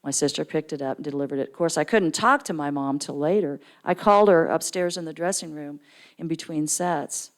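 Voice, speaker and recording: Animated woman telling a story from the pulpit. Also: fairly quick. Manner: animated storyteller, acts out quoted voices with big pitch jumps. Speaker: guest speaker at church. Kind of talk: storytelling sermon. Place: church sanctuary.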